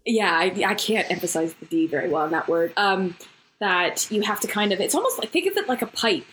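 A woman's voice: mid-range voice, expressive, a little fast, a bit bright, slight background noise, low-quality recording. A woman co-hosting a podcast, a former compositor, chatting casually with many "like" fillers and easy laughs. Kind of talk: casual chat.

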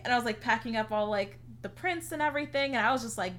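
A young woman with a bright, clear voice tells a rambling story on a casual podcast. She fills her talk with "like" and slips into quick impressions of the people she describes. A faint hiss sits under her voice. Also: on the high side. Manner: chatty, heavy use of "like", acts out quotes. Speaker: podcast co-host.

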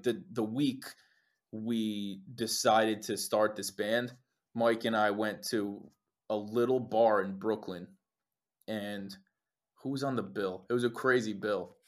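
A young man, a lead singer, chatting casually as an interview guest, an animated storyteller who swears often and acts out what people said. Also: fairly low pitch. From New Jersey.

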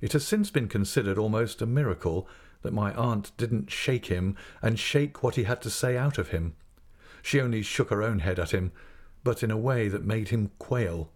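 A man narrating a classic novel aloud in a measured, expressive storytelling manner. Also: on the low side. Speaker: audiobook narrator. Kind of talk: scripted narration.

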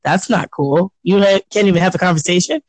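A man co-hosting a podcast in casual chat, telling animated stories, acting out quotes and laughing often. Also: sits high, a little fast, no echo, poor audio. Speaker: podcast co-host.

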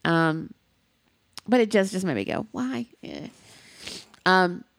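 A woman's voice: lowish voice, very animated, a little slow, no room sound. A woman co-hosting a casual discussion, speaking candidly and emphatically, swearing freely.

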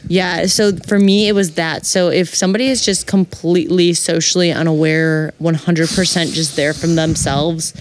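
A woman in casual chat, telling a story in a lively way, laughing and quoting people in put-on voices. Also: on the low side, normal speed, few pauses, no echo. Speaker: guest telling a dating story.

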